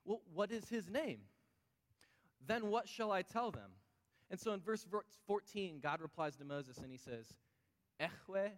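A man's voice: high-pitched, fairly bright tone. A man preaching a sermon in a conversational way, often asking his listeners questions. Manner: conversational, asks the audience questions. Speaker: pastor. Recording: long reverb of a hall.

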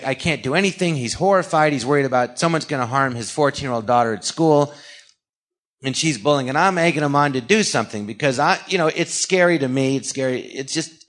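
A man's voice: medium pitch, fairly bright tone. A man from California, a guest actor and comedian, rambling through a story in a casual interview, acting out quoted dialogue and dropping sarcastic asides. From California, USA.

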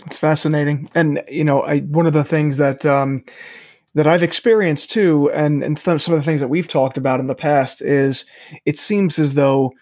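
A man co-hosting a podcast, speaking in a halting way as he searches for his words. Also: a little high, steady tone, a little mellow, no echo, studio quality. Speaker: podcast co-host. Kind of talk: casual conversation.

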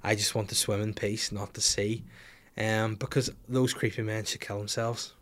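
A man's voice: fairly low pitch, level tone, moderate pace, a bit bright. A man hosting a casual podcast, answering listener questions in a rambling, profane, jokey way. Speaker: podcast host.

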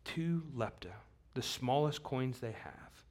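A man's voice: medium pitch, unhurried. A man preaching a sermon, earnest and repeating key phrases for weight, rising to emphatic bursts as he reads scripture aloud. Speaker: pastor.

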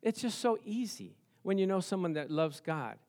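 A man preaching a sermon, telling the story with lively rhetorical questions and chuckles. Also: high voice, moderate pace. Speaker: pastor.

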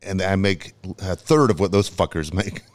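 A man's voice: low voice, normal speed. A man co-hosting a podcast, blunt and emphatic, swearing in casual banter. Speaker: podcast co-host.

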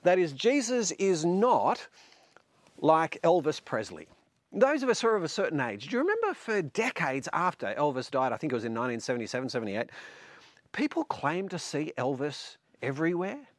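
A man delivers a sermon in a fairly high voice with a lot of movement in his pitch. He tells stories with animation and light humour. The sound is close and dry, with no room echo. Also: very animated, moderate pace. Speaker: preacher.

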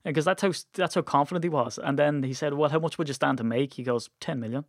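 A man's voice: a little high, fast, dry recording, studio quality. A man co-hosting a casual sports podcast, an enthusiastic storyteller who talks with plenty of fillers. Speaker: podcast co-host.

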